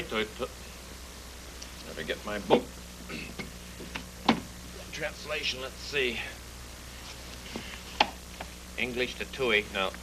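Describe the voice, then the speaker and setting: A man's voice: fairly low pitch, noisy background. A man voicing a fussy, flustered male bunny in a 1970s TV puppet show, stammering and polite. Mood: muttering.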